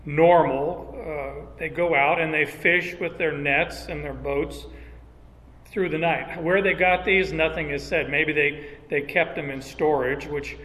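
A male pastor preaches in an unhurried, conversational way, dropping in folksy asides. His voice sits a bit high and rings bright, and a long reverb trails each phrase as if in a big church hall. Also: steady tone. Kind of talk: expository sermon.

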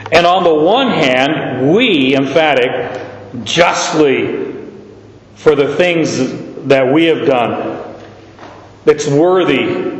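A man's voice: medium pitch, roomy sound, in a large hall, highs cut off. A man preaching a sermon, earnestly reading and explaining verses aloud. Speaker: pastor.

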